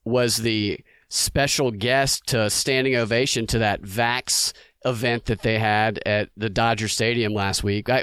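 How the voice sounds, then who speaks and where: A man co-hosts a casual podcast and chimes in now and then with short remarks. His voice is smooth and clear, and the recording is dry and close. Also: medium pitch, fairly bright tone, no room sound. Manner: brief agreeing interjections. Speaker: podcast co-host.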